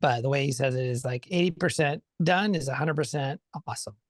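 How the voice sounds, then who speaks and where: A mid-pitched male voice in a dry, close recording, speaking as a podcast guest. He rambles in a friendly way and circles back over his points as he thinks. The sound is plain and direct, with no room echo. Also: a little fast. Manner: thinks aloud with many fillers and restarts, upbeat. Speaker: podcast guest, consultant and author. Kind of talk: casual conversational interview.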